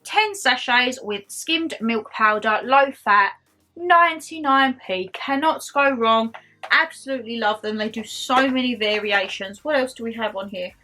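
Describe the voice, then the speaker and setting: Soft music plays behind a young haul vlogger whose accent mixes Essex and Geordie as she rambles casually and bubbly about her purchases. Her voice is a little high, sharp in tone, and unhurried.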